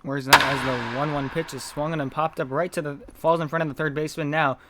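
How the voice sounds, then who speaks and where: A man doing live play-by-play commentary of a game, reading chat messages between pitches, his voice not feeling well. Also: steady tone, fairly quick, very noisy. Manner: reads chat messages between calls, gets loud on big hits.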